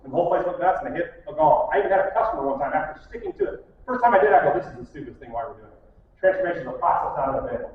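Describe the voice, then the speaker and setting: Racing along with few pauses, a middle-aged man with a fairly high voice and big pitch swings delivers a casual, blunt conference talk packed with stories, acting out whoever he quotes. It's captured from far away in an echoey hall, sounding phone-like.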